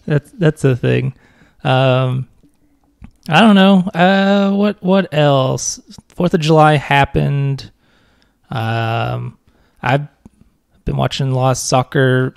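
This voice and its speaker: A young man rambles through relaxed podcast banter with a gravelly, fry-heavy voice. He jokes and laughs easily. The sound is dry and close, with no room echo. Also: fairly high pitch, slow. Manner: joking, rambling, laughs often. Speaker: podcast co-host. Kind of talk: casual chat.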